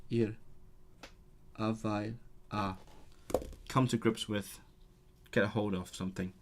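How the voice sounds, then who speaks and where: A man's voice: on the low side, takes it slowly, long pauses, slight background noise. A man who runs a language-learning channel, thinking aloud as he studies, free-associating between languages and correcting himself as he goes. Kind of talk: thinking aloud while studying.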